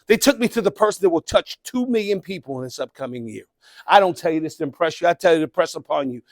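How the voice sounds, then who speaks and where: A middle-aged man giving a live motivational keynote speech, animated, calling out to the crowd and breaking into shouts. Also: on the high side, fast talker, no echo. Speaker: motivational speaker. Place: conference event room.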